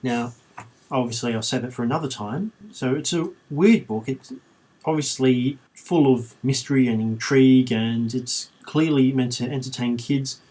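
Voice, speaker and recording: A man's voice: mid-range voice, a little mellow. A man reading a children's book aloud with sarcastic, irreverent commentary, swearing freely. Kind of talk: comedic audiobook reading with commentary.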